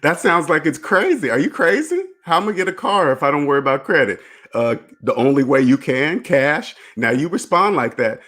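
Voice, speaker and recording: A man's voice: on the high side, sharp tone. Blunt, preachy man lecturing on money. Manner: emphatic and preachy, firing rhetorical questions; blunt and profane, with brief laughs. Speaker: personal finance channel host. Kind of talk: casual direct-to-camera monologue.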